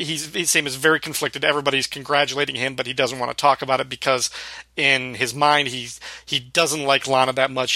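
A man's voice: medium pitch, creaky, bright, forceful tone, dry recording. A man co-hosting a podcast, casually recapping a sitcom episode and laughing often as he retells scenes. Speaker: podcast co-host.

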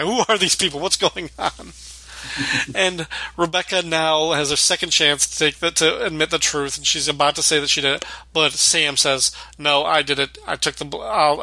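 Bright, lively-toned male podcast host. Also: a little high, moderate pace, gravelly, no room sound. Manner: rambling, heavy use of "like", acts out quotes. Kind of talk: casual chat recapping a sitcom episode.

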